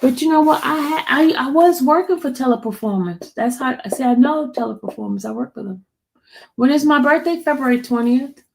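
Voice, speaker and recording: A woman's voice: high-pitched, a little fast, creaky, darkish tone, low-quality recording. A woman vlogger chatting casually to her viewers, rambling and answering comments from live chat.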